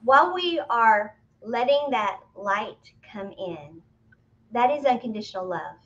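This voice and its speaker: A woman with a fairly high voice, talking through spiritual teachings in a relaxed, conversational way. She breaks into playful, excited exclamations as she explains. The audio is a bit muffled and lo-fi. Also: a little slow, a little hiss or hum. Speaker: spiritual medium co-host. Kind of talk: casual spiritual teaching talk.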